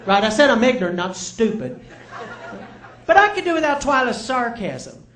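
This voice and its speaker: A man's voice: very high-pitched, very animated, normal speed, a bit bright. A middle-aged man doing live stand-up, telling chatty, self-mocking stories and checking in with the crowd. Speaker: stand-up comedian. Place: comedy club stage with live audience. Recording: roomy live club sound.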